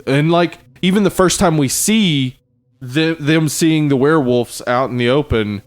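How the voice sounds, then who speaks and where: A man's voice: on the high side, measured pace. A man co-hosting a horror movie podcast, chatting casually and jokily, with some swearing. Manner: relaxed, jokey, swears casually. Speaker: podcast co-host.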